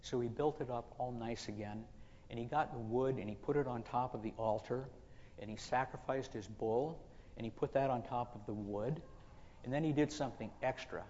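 A man's voice: mid-range voice, normal speed, mellow, big-room sound, lo-fi sound, slight background noise. A male pastor telling a story in a sermon, folksy and conversational.

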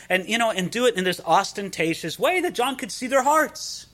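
A man preaching a sermon, animated and conversational, often asking rhetorical questions. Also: high-pitched, moderate pace, hardly any pauses. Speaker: pastor.

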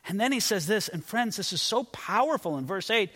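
A man's voice: high voice, lively intonation, brisk, hardly any pauses, sharp tone, breathy edge, big-room sound. A man preaching an expository sermon as a pastor, earnest and emphatic, often repeating words as he stresses a point.

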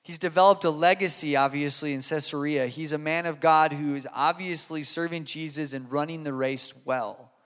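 A man's voice: a little high, steady tone, moderate pace, hardly any pauses, a bit bright, smooth, big-room sound. A man preaching a sermon, earnest and emphatic, repeating key lines and telling stories. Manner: earnest, emphatic repetition, storytelling. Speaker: pastor.

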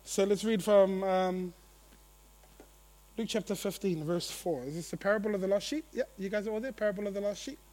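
A man preaching a sermon to a church gathering, animated and playful, swinging between loud and hushed. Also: high voice, brisk.

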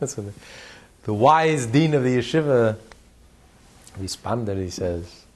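A man's voice: medium pitch, slow pace. A man teaching on a religious text, repeating his words and telling stories with frequent laughter. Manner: repeats words, laughs often, lively storyteller.

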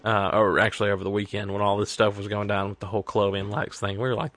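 A man's voice: fairly low pitch, little pitch movement, a bit bright, faint music behind. A man co-hosting a casual podcast, reading listener emails aloud in a jokey, laughing way. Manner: laughing, jokey, quick to do silly voices. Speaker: podcast co-host.

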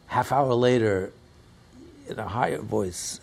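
A low-voiced man leads a religious class, his voice gravelly and husky. He tells stories in a lively teaching way, now and then bursting into shouts and laughs. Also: fairly quick. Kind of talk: animated Torah class with storytelling.

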